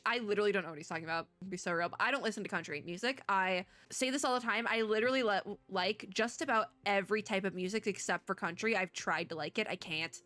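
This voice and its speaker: A woman's voice: on the high side, animated, fast talker, pushed and bright, dry recording. A woman hosting a let's-play of a story game, reading the text aloud and rambling through asides, her voice a bit worn from illness. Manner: chatty, rambling asides with frequent laughs. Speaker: VTuber let's-play host.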